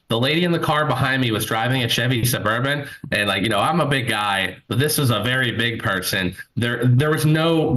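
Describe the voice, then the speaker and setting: Stand-up comic, young man, bright forward tone, rambling crude storyteller on a club mic. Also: mid-range voice, low-quality recording. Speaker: stand-up comedian. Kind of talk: live stand-up set. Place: comedy club stage.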